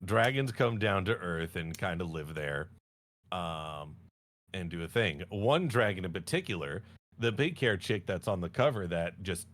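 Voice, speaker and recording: Man, low voice, rambling, jokey, casual livestream chat, self-correcting. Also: animated, a little slow, a bit bright. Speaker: podcast co-host.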